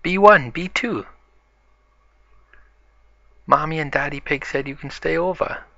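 Pitched-up eager piglet girl for toy-play narration, voiced by a man, gravelly edge. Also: sing-song, unhurried, pushed and bright, no echo, lo-fi sound, full character voice. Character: young girl pig, eager and bossy.

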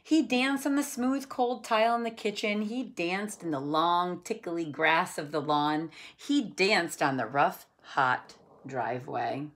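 A woman reading a children's picture book aloud, telling the story in an expressive storytelling way. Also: fairly low pitch. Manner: expressive, unhurried storytelling with voiced characters. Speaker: storybook reader.

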